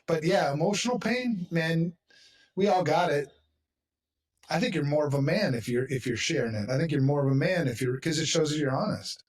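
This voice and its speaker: A man's voice: fairly high pitch, a little fast, breathy edge, far from the mic. A man hosting a podcast in casual chat, talking bluntly and with emphasis, swearing freely. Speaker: podcast host.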